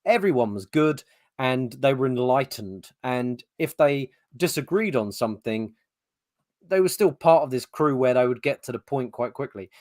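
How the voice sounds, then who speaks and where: Speaking into a podcast mic at a podcast setup, this English co-host tells casual stories in a chatty way, with swear words dropping in freely. His medium-pitched voice is animated, a little mellow, and moderately paced, with clean studio sound and no echo.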